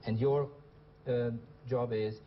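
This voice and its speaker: A man's voice: medium pitch, steady tone, takes it slowly, dull audio, slight background noise. A man hosting a televised English lesson who questions his students and repeats their answers back to them. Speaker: English teacher and show host. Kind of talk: classroom teaching. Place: TV studio classroom.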